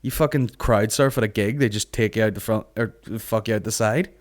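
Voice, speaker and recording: A man with a lowish voice hosts a comedy podcast, talking fairly quickly in a casual comic rant. He's sweary and animated, cursing plenty and acting out other people's voices.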